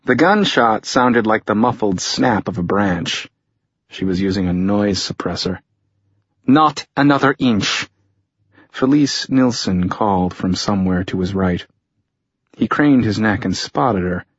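A man narrates a thriller audiobook in measured, tense storytelling. His voice is low, husky and slowly paced. The recording is dry and close, with a dull lo-fi tone. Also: dry recording.

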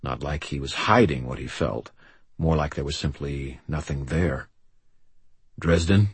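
A man reading a first-person novel aloud as an audiobook narrator, in a measured, wry storytelling manner. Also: extremely low pitch, fairly even intonation, husky, dry recording.

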